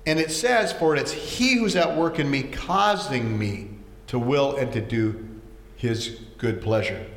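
Man preaching in a big reverberant room, a touch high-pitched, animated and repetitive. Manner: animated storytelling, acts out voices, repeats words. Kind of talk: sermon. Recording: echoey hall.

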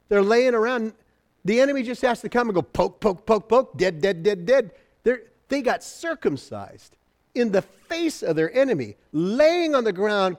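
A male pastor preaching a sermon, animated and acting out the people in his story, swinging between loud exclaiming and quiet, low asides.

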